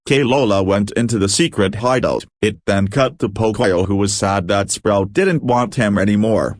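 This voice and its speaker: Low-voiced man reading a fan story. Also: moderate pace, hardly any pauses, no echo, clean studio sound. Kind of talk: amateur fan-story narration.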